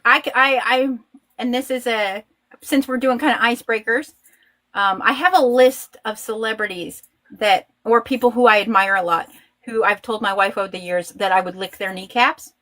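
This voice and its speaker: A woman guest in a casual chat, a lively storyteller who acts out quoted voices. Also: on the high side, normal speed.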